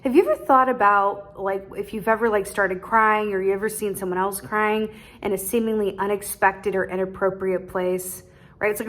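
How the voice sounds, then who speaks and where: A woman's voice: medium pitch, steady tone, a little fast, fairly bright tone. A woman giving a casual tarot reading straight to her viewers, chatty, laughing often and ending many points with "right?". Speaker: tarot reader.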